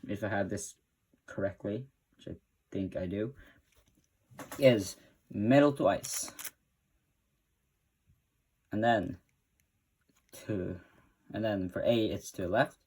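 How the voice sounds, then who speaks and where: A man's voice: on the low side, darkish tone, husky. A man hosting a casual spoken tutorial, talking in a stop-start way and correcting himself as he goes. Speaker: tutorial host.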